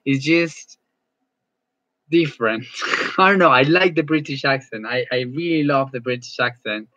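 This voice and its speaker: A male English teacher chatting casually as he closes an online class, friendly and halting, often repeating words. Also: medium pitch, sharp tone, no room sound, highs cut off.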